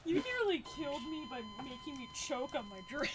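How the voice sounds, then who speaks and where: A woman's voice: high voice, sing-song, brisk. A woman chatting sheepishly with friends on a game stream, laughing as she talks. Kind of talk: casual chat. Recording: noisy mic.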